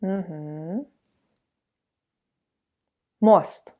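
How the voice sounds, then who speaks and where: A Russian woman with a Russian accent teaches a language lesson, patient and encouraging. Her lowish, dark-toned voice reads words slowly so learners can repeat them.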